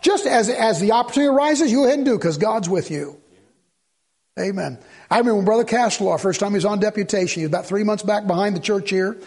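A man preaching a sermon as the pastor, swinging from loud exhortation to low, earnest asides. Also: quick pace, husky.

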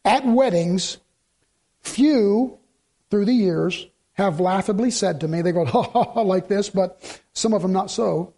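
A middle-aged man, a pastor preaching a sermon, telling stories in an animated, emphatic way and mimicking the people he quotes. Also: high voice, slow. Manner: emphatic, repeats points for effect.

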